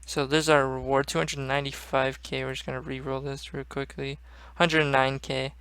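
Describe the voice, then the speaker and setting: A man's voice: medium pitch, little pitch movement, normal speed, fairly bright tone, clean tone, no room sound. A young man hosting a gaming channel, rambling casually and swearing often. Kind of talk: casual gaming vlog chat.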